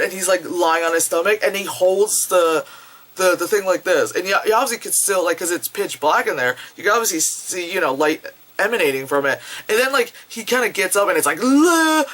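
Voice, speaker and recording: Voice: mid-range voice, fairly bright tone. A young adult rambling through a casual movie review vlog, packed with fillers and swearing. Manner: rambling, filler-heavy, profane.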